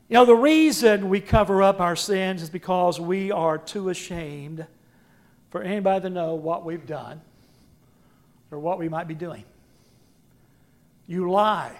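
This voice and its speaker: A pastor preaching a sermon to his congregation, swinging from loud emphatic lines to hushed low phrases and calling for responses.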